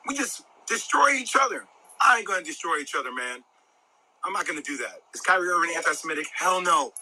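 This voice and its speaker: A man's voice: sits high, sharp tone, breathy edge, rough recording. A man giving impassioned commentary, passionate and insistent. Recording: faint background noise.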